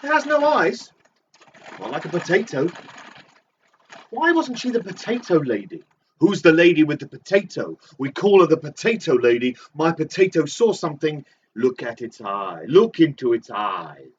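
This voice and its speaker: A man's voice: on the high side, very animated, moderate pace, slight background noise. A man co-hosting a live online bingo game, playfully riffing on each called item in casual banter. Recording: muffled, distant mic.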